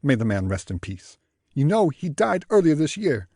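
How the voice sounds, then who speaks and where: Guy putting on a crotchety old new york sax player, loud and grumbly, pitch bouncing all over. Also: sing-song, breathy edge, no room sound, clean studio sound, exaggerated voice. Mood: grumbling. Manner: loud, grumbling, quick retorts.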